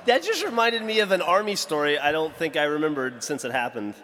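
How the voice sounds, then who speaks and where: A man's voice: on the high side, brisk, in a large hall, crowd noise. A man co-hosting a podcast, telling a story in casual chat and acting out the quotes. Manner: lively storyteller who acts out quotes. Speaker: podcast co-host.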